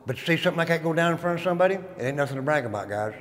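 A man's voice: on the high side, expressive, rapid-fire, a little hiss or hum. A man who served time, giving a dramatic, folksy storytelling tour and calling his listeners guys. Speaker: former inmate giving a prison tour. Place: inside an old prison. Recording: long echo of a stone hall.

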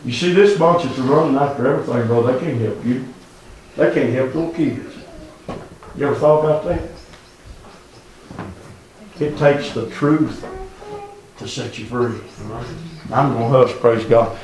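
A man preaching in a church, his voice at a middle pitch. He moves from a hushed murmur up to a near-shout, and the room around him rings with heavy echo. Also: measured pace, pauses often, distant mic, a little hiss or hum. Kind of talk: revival sermon. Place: church sanctuary.

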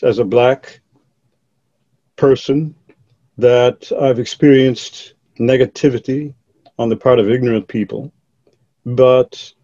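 An older man tells a personal story for a documentary, slowly and with care, sometimes restarting his words. His voice is dark and mellow. The sound is dry and a little dull. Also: mid-range voice, no room sound. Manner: measured storytelling with hesitant restarts. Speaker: interviewee. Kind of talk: documentary interview recollection.

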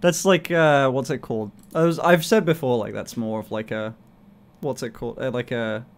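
A man's voice: medium pitch, fairly even intonation, normal speed. A young man streaming, chatting casually in a playful, swearing way and laughing often. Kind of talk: casual livestream chat.

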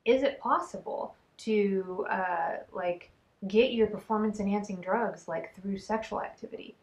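A woman's voice: medium pitch, measured pace, darkish tone. A woman co-hosting a casual chat show, asking questions and steering the talk back on track. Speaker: co-host. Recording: echoey room.

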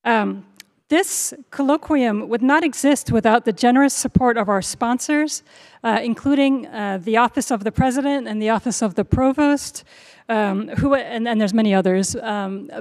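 A middle-aged woman hosting a university lecture series, giving thanks and remarks with many fillers and self-corrections. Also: on the high side. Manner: warm, halting, with frequent fillers and self-corrections. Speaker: honors program host.

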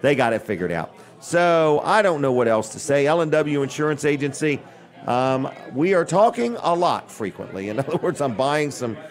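An older man hosts a live broadcast from a restaurant event, talking in a loose, rambling way and slipping in deadpan jokes. His voice sits a little higher than most men's. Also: moderate pace. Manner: chatty and rambling, with dry jokes. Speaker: host. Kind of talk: live on-location radio and TV talk.

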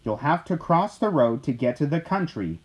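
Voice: mid-range voice, very animated, normal speed, lightly acted. A reader doing a bossy barking dog. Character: gruff, barking city dog. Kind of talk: storybook read-aloud.

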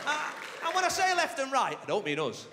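A man doing a live stand-up routine on a theatre stage, chatty and animated, with mock-outraged asides. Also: very high voice, fairly quick, heavy background noise. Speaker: stand-up comedian. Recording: reverberant theatre with crowd laughter. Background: audience laughter.

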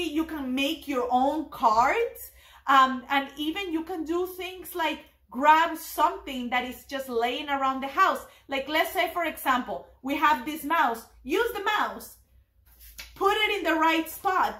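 Bright high-voiced woman teacher. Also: roomy sound. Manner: slow, clear demonstration of words; cheerful and encouraging. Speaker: preschool teacher. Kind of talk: virtual family event lesson.

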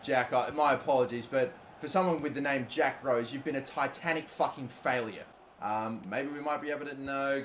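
A young man giving live video game commentary, excitable and foul-mouthed, swinging between loud outbursts and low grumbling. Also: a little hiss or hum. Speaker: gaming YouTuber.

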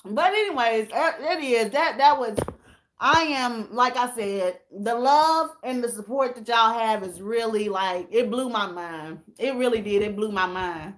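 High-voiced tearful woman chatting live. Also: measured pace, fairly bright tone. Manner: candid and emotional, addressing viewers as y'all. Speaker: livestream host reading viewer comments. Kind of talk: casual livestream chat.

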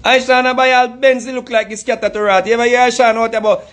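A Jamaican man rants in a heated, mocking commentary with a very high-pitched voice. He breaks into laughter often and talks in casual patois. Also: level tone, fast talker, few pauses, fairly bright tone. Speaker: commentary host.

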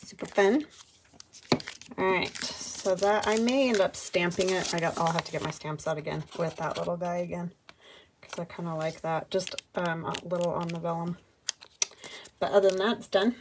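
Lowish woman voice, chatty craft vlog, thinking out loud as she works, crinkly paper noise in the background. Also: steady tone, moderate pace. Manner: thinks aloud, chatty and meandering. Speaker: craft vlogger. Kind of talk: casual running commentary while crafting. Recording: paper crinkling and clicks behind voice.

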